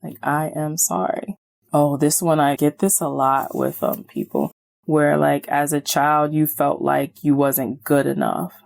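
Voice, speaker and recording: A woman hosting a self-help podcast in a casual, animated way, often acting out what people say. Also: deep voice, a little slow, creaky. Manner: animated, acts out quoted voices, many "like"s. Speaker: podcast host and certified hypnotist.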